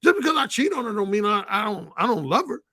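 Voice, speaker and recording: A man's voice: high-pitched, big pitch swings, quick pace, bright, forceful tone, no echo, studio quality, full character voice. A man quoting a brash cheating husband. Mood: defensive. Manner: brash, defensive. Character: cheating man defending his marriage, brash.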